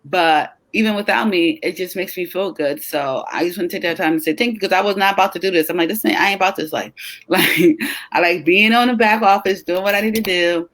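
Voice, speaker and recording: A woman's voice: fairly low pitch, a little fast, rough recording. Chatty upbeat woman, tired. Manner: chatty, upbeat, with bursts of excitement and many fillers. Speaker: co-host of a web talk show. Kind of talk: casual chat.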